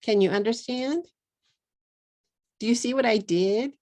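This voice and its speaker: A middle-aged woman from Texas with a Texan accent, teaching an online English lesson in a slow, deliberate way and slipping into Japanese at times. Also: a little high, a little mellow. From Texas, USA.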